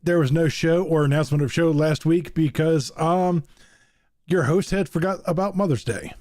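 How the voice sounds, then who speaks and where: A man with a fairly high, darkish voice speaks at a moderate pace, recorded dry with clean studio sound. He's hosting a casual podcast chat, telling stories full of fillers and laughing often.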